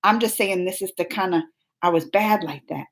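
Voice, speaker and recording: A woman in her thirties hosting a casual livestream, chatting and rambling to viewers with lots of restarts and asides, her pitch jumping up when she gets excited. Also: normal speed. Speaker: livestream host. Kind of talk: casual live chat with viewers.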